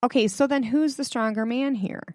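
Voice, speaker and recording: Speaking at normal speed, this host has a slightly high voice with a darkish tone, recorded in studio quality without echo. She addresses viewers directly in a casual religious commentary, emphatic and chatty, full of filler words.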